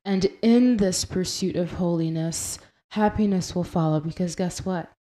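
A young woman hosts a Christian devotional podcast in a low, mellow voice at a measured pace. Earnest and conversational, she reads scripture aloud and explains its words, sometimes laughing at how she pronounces them.

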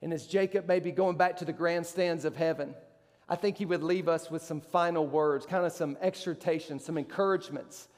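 High-voiced preaching man in echoing hall. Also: fairly even intonation, fairly quick, darkish tone. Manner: emphatic, rising sharply on rhetorical questions. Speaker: pastor. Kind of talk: sermon.

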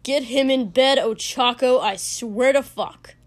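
A woman voicing a hot-tempered young male king in a storybook reading, shouting and cursing. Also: extremely high pitch, a little slow. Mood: furious.

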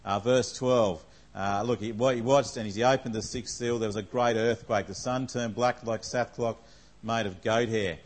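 Speaking at a normal speed in a lowish voice with fairly even intonation, a man preaches a casual, filler-heavy sermon. He reads scripture and asks his listeners questions along the way, captured on a low-quality recording.

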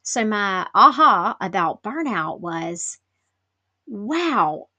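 A woman's voice: mid-range voice, very animated, extremely slow, pushed and bright, dry recording. A woman hosting her own podcast in a casual, candid solo talk, chatty and self-deprecating, with lots of "like" fillers. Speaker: podcast host.

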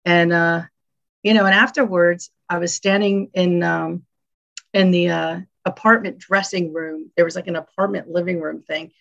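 Gravelly low-voiced woman telling stories. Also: moderate pace. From northeastern United States. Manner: animated storyteller, acts out quotes. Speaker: guest, music executive. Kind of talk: casual interview chat. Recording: dull lo-fi audio.

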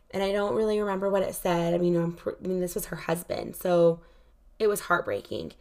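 A woman telling a painful personal story in casual, candid speech, full of "like" fillers. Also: lowish voice. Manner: frequent "like" fillers, candid and emotional.

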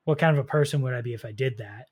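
A man co-hosting a casual movie podcast, telling scenes with animated energy and quick laughs. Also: medium pitch, slightly rough, highs cut off. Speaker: podcast co-host. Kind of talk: casual movie review chat.

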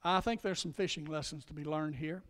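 High-voiced man preaching in a reverberant hall. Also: fairly bright tone. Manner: emphatic preaching, slowing and speeding for stress. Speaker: pastor. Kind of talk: sermon.

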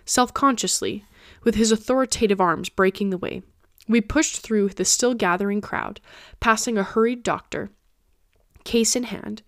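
A woman podcast host narrating a classic novel in a steady audiobook reading. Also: medium pitch, dry recording, studio quality.

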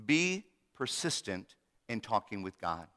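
A pastor in his fifties delivers a sermon with dramatic swings from loud emphasis to near-whispers. His voice is bright and cutting, and a long reverb from the church hall follows every line. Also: lowish voice, sing-song, a little slow.

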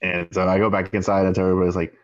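Low-voiced man telling a lively story. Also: very fast. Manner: animated storyteller acting out both sides of a dialogue. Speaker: podcast co-host. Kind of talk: casual storytelling chat. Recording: dull lo-fi sound.

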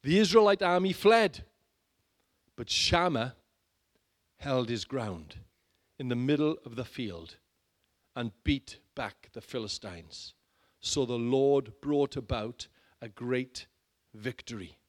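A middle-aged man preaching a sermon, dramatic and shifting between loud urging and hushed low lines. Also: expressive, slow. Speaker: pastor.

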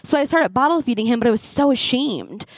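A woman's voice: a little high, expressive, fairly quick, no room sound. An American woman in her thirties telling a comic, self-deprecating story to an audience as a conference speaker. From United States. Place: live event stage.

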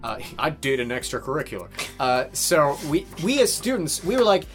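A young man casually telling a story in conversation. He swears a lot and acts out quotes loudly. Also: fairly high pitch, big pitch swings, moderate pace, faint music behind. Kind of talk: casual chat.

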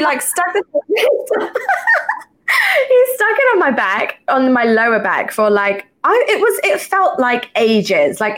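Giggly woman podcast host. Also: a little high. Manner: giggly, animated storyteller. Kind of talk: casual interview chat.

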